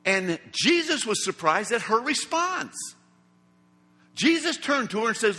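This very animated sermon comes from a man whose voice is high, bright and a little husky. His delivery is slow, dramatic and emphatic, and he performs each quotation, all echoing in a long hall reverb.

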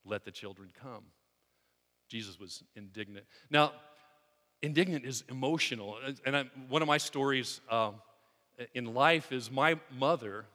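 Bright-voiced male pastor in a reverberant hall. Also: mid-range voice. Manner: earnest, conversational preaching with halting restarts. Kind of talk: sermon.

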